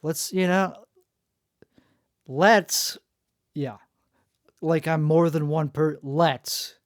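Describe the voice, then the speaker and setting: A man talks slowly and deliberately, his voice sounding strained and worn. He rambles and mocks himself while hosting a solo podcast, his lips barely moving. The sound is dry and close, with no room echo. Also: a little high, steady tone. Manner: talks through barely moving lips, self-mocking and digressive. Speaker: podcast host. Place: indoor room.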